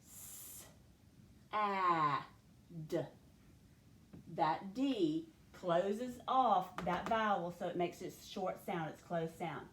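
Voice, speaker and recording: A woman's voice: on the low side, echoey room, slight background noise. A woman teacher taking young pupils through a phonics lesson, sounding out and stretching words. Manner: slow, stretched-out word sounding.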